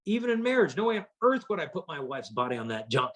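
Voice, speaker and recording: A man with a somewhat high, husky voice gives a lively conference talk to teens. He tells punchy, humorous stories and acts out each person in them. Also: fast. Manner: lively storyteller acting out quotes. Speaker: chastity speaker.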